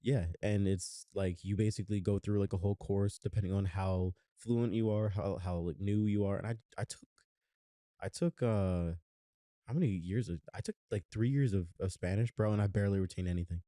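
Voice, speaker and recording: Young male podcast co-host, low dark voice, loose rambling chat, dry mic. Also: fairly even intonation, fairly quick, no room sound. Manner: rambling, lots of fillers and restarts. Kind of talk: casual chat.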